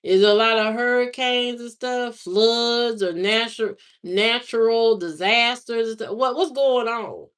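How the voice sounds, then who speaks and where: A woman's voice: on the high side, measured pace, few pauses, a bit bright. A woman from Indiana hosting a livestream, chatting casually with viewers in slangy, repetitive talk full of fillers. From Indiana, USA. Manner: slangy, drawling talk with lots of repeats and fillers. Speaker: livestream host. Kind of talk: casual chat answering live viewers.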